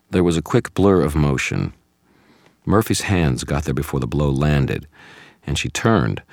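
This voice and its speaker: A man narrating an audiobook in the first person, wry and measured, on a close studio mic. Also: extremely low pitch, vocal fry, dry recording.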